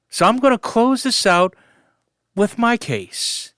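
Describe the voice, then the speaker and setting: A man's voice: very high-pitched, expressive, slow, fairly bright tone, no echo, studio quality. A man in his forties telling a funny family story as a casual vlogger, chuckling and fighting back laughter. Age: 40s.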